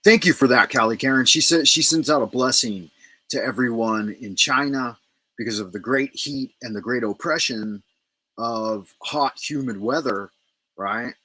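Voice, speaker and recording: A man's voice: mid-range voice, normal speed, bright, forceful tone, no room sound. A middle-aged man hosting a casual livestream from home, rambling, repeating himself and thanking viewers. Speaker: livestream host.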